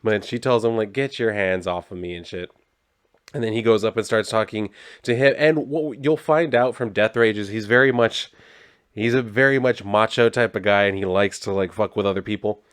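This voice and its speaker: A laid-back man recapping a comic book in loose, casual talk with plenty of swearing. His voice sits low and sounds dry and close, with no room echo. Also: moderate pace, smooth.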